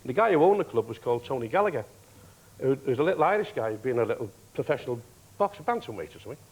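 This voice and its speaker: A man, a guest on a TV talk show, telling stories in a lively way, often laughing and acting out other people's lines. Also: medium pitch, very fast, breathy edge, rough recording. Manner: lively raconteur, laughs often, acts out quoted voices. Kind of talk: anecdotal storytelling. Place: TV studio.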